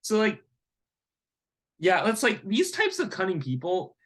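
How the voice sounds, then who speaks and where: A man's voice: high-pitched, huge pitch swings, unhurried, fairly bright tone. Rambling man telling a story. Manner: rambling, heavy use of "like" and "you know". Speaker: vlogger and landlord. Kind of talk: casual storytelling monologue.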